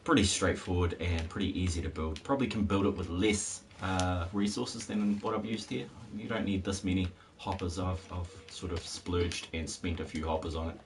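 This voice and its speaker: This is casual live-stream commentary from a man playing a game, talking in a rambling, wry manner. He has a deep voice and speaks at normal speed with few pauses, recorded from a distance so he's a bit off-mic with faint hiss.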